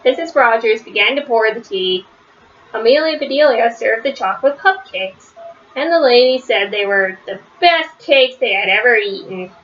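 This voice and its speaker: A woman reading a children's picture book aloud, with a lively delivery that rises high on the characters' shouts. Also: normal speed, highs cut off, a little hiss or hum. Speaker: storybook reader.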